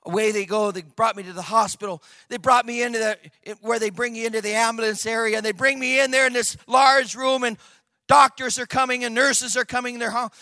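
An older man preaching a personal testimony, moving from quiet storytelling to shouted, fervent outbursts. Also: very high voice, fairly even intonation, brisk, dry recording, clean studio sound. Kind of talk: sermon testimony.

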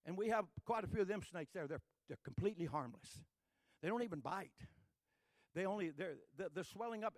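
A man from Texas, preaching in a high voice. He tells folksy stories and repeats lines as they build to loud, shouted peaks. The recording is dry and close. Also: no room sound. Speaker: pastor. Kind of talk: sermon with folksy storytelling.

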